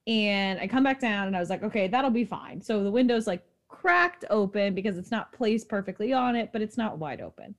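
A young woman from New York talks quickly and tells her story with animated energy. She co-hosts a casual chat podcast. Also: medium pitch. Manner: fast-talking, animated storyteller. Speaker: podcast co-host.

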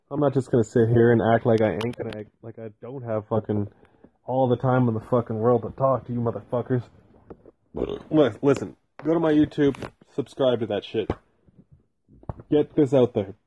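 A man's voice: medium pitch, breathy edge. A man hosting a solo podcast from his basement, rambling casually and swearing constantly. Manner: profane, rambling, heavy swearing. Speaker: podcast host. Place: home basement. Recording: tinny phone-like sound.

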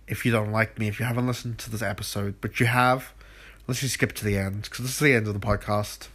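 A podcast host, sick, runny-nosed and weary, records himself by phone at home at night while smoking. His lowish, fairly bright voice moves fairly quickly with fairly even intonation as he wanders from topic to topic, mocks himself, and repeats a sung "ooh yeah."

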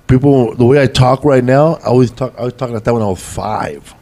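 A man's voice: mid-range voice, quick pace, warm tone. Rambling, foul-mouthed male comic. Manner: rambling, swears freely, loose street slang. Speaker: comedian guest. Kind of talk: casual storytelling chat.

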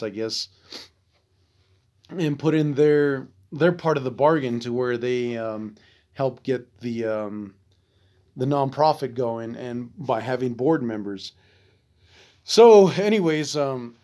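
A man's voice: medium pitch, a little mellow. A man from Arizona hosting a veterans podcast, telling a story casually with loose, profane, frustrated asides.

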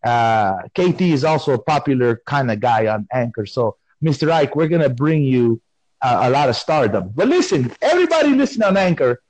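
A man's voice: mid-range voice, sing-song, normal speed, darkish tone, dry recording, poor audio. A man hosting a podcast in a casual, playful, rambling way, talking with mock seriousness. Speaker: podcast host.

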